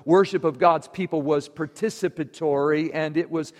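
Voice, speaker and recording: A man's voice: on the high side, fairly even intonation, normal speed. A man preaching a sermon to his congregation, earnest and emphatic. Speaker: pastor. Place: church sanctuary. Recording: long church reverb.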